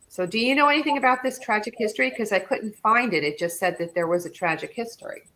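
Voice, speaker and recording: A woman's voice: medium pitch, fast, few pauses, pushed and bright, a little hiss or hum, rough recording. A woman hosting a podcast interview, reading from her notes and asking her guests questions. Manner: reads prepared notes, asks questions. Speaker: podcast host. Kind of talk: casual interview.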